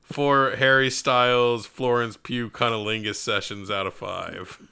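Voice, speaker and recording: A man co-hosting a podcast in casual chat, profane and laughing, quoting his own thoughts in animated bursts. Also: mid-range voice, unhurried, gravelly, smooth. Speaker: podcast co-host.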